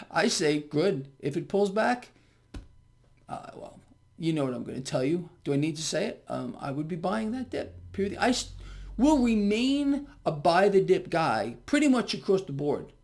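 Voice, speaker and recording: A man's voice: sits high, very animated, unhurried, gravelly, a little mellow. Emphatic man giving market commentary. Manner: emphatic, repeats words, keeps asking viewers "okay?"; calls his audience "people". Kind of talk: direct-to-camera market commentary.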